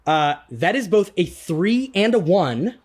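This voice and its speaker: A man's voice: high voice, very animated, slow pace. Man as game master at a live stage show, upbeat, lots of "yeah, yeah". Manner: enthusiastic, many fillers and "yeah, yeah". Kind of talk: narrating a tabletop game.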